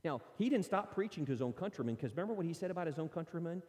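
A man preaching a sermon in a lively, conversational way, reading and explaining scripture. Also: on the high side, rapid-fire. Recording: long hall reverb.

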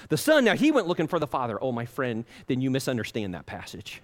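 A man preaching a sermon as pastor, passionate, swinging between loud pleading and hushed intensity. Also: medium pitch, huge pitch swings, brisk, long reverb tail.

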